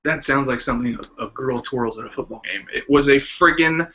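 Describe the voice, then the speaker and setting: A man in his thirties, casually telling a story as a vlogger and acting out the quoted lines with lively voices. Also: medium pitch, a little fast. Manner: animated, acts out quoted lines with shifting voices. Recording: slightly dull lo-fi sound.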